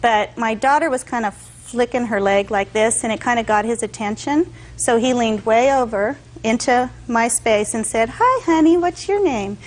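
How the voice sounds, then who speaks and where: A woman's voice: fairly high pitch, fairly even intonation, normal speed, low-quality recording. A woman testifying as a defendant in court, telling her side in long detailed stories and acting out what others said.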